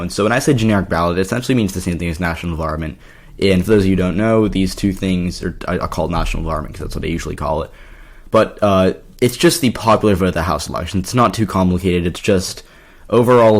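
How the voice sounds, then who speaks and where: A man with a slightly hoarse voice, talking casually through an election map with lots of fillers and restarts. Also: low voice. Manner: rambling, filler-heavy, self-correcting. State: slightly hoarse from yelling at a party. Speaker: political commentary YouTuber. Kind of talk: casual explainer commentary.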